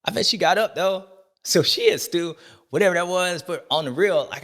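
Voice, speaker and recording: Casual male show host, slangy and animated, bright edge to the voice. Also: a little high, moderate pace. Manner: animated, slangy, with dramatic outbursts. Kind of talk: casual commentary.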